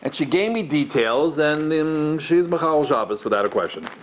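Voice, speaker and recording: A man's voice: moderate pace, slight background noise, rough recording. A middle-aged man, a rabbi, giving a storytelling lecture to a live audience in a large room, acting out the people in his stories. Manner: animated, acts out the people in his stories with big pitch jumps.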